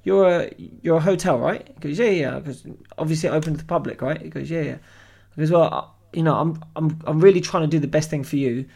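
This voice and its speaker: Lively, swearing young man. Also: a little high, quick pace, creaky, few pauses. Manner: animated, swears freely, acts out voices. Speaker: podcast co-host. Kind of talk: casual storytelling chat.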